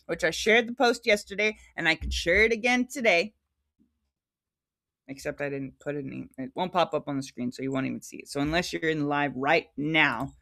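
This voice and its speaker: A woman's voice: medium pitch, bright, forceful tone. A woman hosting a casual livestream, reading scripture aloud with frequent giggles and chatty asides. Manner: giggly, chatty, prone to tangents.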